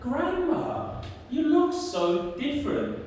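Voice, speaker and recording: An innocent, curious little girl from a storybook, put on by a woman, asking everything in a high, lilting voice. She sounds far from the mic, with a long room echo around her. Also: sing-song, slow, dark tone, a little hiss or hum, heavily acted.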